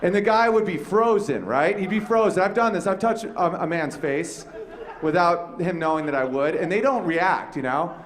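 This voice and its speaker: Animated storytelling comedian, fairly high voice. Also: male voice, moderate pace. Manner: animated storytelling, acts out quoted voices, swears freely. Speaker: podcast host and comedian. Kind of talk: casual comedic chat.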